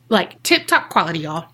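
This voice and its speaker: This woman co-hosting a podcast has a lowish, pushed, bright voice. She keeps things chatty and relaxed, laughs a lot, and addresses listeners directly.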